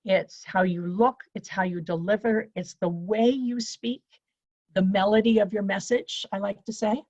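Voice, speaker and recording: A woman's voice: medium pitch, fairly even intonation, moderate pace, darkish tone, dry recording. A woman in the middle of her range gives straightforward, practical advice on presenting, laying out each point in turn. She sounds dry and close, with no room around her voice. The audio is a little dull, like a computer mic on a video call. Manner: straightforward and practical, teaching in lists. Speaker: presentation skills coach. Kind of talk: speaking to an online event.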